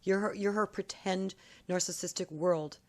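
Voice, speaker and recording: A woman's voice: medium pitch, fairly even intonation, moderate pace, a little mellow. Emphatic woman ranting to camera. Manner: emphatic, repetitive, accusatory storytelling. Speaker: vlogger. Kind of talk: casual vlog rant.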